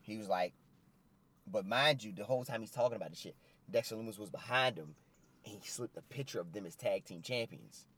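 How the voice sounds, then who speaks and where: A man's voice: on the low side, brisk, fairly bright tone. A man in casual podcast chat, recapping events loosely and profanely and acting out quotes in voices. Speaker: co-host recapping wrestling.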